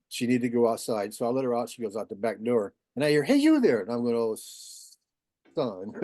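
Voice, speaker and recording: A man's voice: medium pitch, no echo, studio quality. A man, a guest, telling a story in a casual way and acting out the voices he quotes. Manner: animated, acts out quoted voices.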